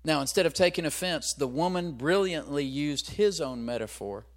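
Speaking at normal speed with lively intonation and a fairly high pitch, a pastor delivers his sermon conversationally. He throws rhetorical questions at the congregation and stops now and then to hunt aloud for references.

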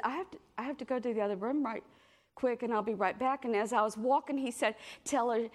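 A middle-aged woman preaching a sermon, telling stories in a lively way and acting out the voices of the people she quotes. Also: fairly high pitch. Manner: animated storytelling, acts out quoted voices.

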